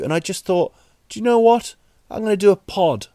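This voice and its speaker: A man with a New Zealand accent hosting a solo podcast, rambling deadpan jokes with many fillers and restarts. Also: high voice, fairly quick, smooth, no room sound, studio quality. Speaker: podcast host. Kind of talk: solo comedic podcast monologue.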